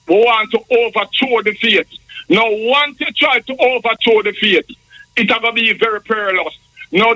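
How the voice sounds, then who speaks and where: A man's voice: high-pitched, sharp tone, no echo, rough recording. A man with a Jamaican accent calling a radio show, preachy and rambling, repeating himself. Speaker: caller. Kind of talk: preachy call-in monologue.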